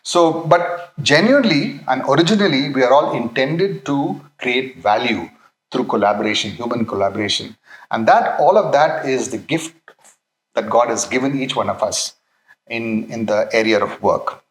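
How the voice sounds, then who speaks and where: Halting man giving a faith talk. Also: medium pitch, expressive, reverberant, low-quality recording. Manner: halting, many fillers and restarts, checks in with "okay". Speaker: Christian speaker.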